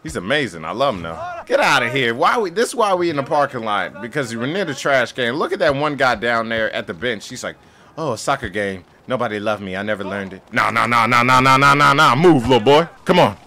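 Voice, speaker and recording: Excitable young man trash-talking a game. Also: mid-range voice, brisk, few pauses. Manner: joking, trash-talking, erratic outbursts. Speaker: gaming YouTuber. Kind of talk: playing a soccer game and commentating.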